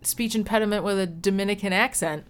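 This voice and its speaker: A woman's voice: medium pitch, fast, clear, resonant tone. Blunt, swearing woman chatting casually. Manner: blunt, profane storytelling. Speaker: podcast co-host. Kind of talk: casual chat.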